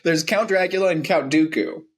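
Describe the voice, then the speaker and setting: A man's voice: fairly high pitch, normal speed, a little hiss or hum. A man co-hosting a comedic podcast, riffing and rambling through jokes in casual chat. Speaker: podcast co-host.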